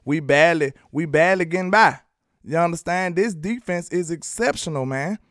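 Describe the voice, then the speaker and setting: A man from Alabama with a Southern accent giving animated, slangy football commentary, talking straight to his viewers. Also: on the high side, normal speed, no echo, clean studio sound. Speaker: sports commentary host. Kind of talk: casual sports commentary vlog.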